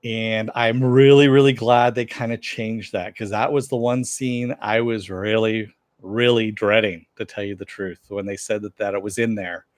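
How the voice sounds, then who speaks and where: A man's voice: on the low side, fairly even intonation, normal speed, few pauses, no room sound, clean studio sound. Rambling man recapping an episode. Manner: rambling, with many fillers; answers viewer chat. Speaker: TV show reviewer.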